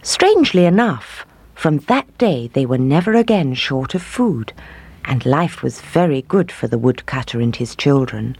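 A storyteller reading a fairy tale aloud in an expressive voice. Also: medium pitch, measured pace, husky. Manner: expressive, shifting voices for each figure.

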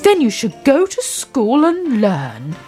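A woman voicing a stern but kindly farmer in a storybook, lecturing gently. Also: a little high, wildly swooping pitch, slow, soft background music, full character voice.

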